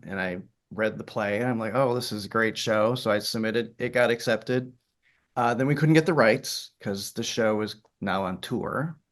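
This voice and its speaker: A middle-aged man from the Upper Peninsula of Michigan, whose faint Yooper accent sits in a somewhat low voice. He is a theater director talking through his path in an interview. He rambles in a chatty way, full of fillers and restarts. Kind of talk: interview conversation.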